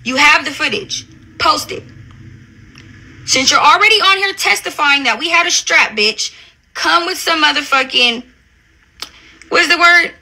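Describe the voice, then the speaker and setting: Sharp-voiced young woman in a profane rant. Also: high-pitched, animated, unhurried, long pauses, rough recording. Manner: profane, confrontational and taunting. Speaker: reality show cast member. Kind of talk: angry social media rant.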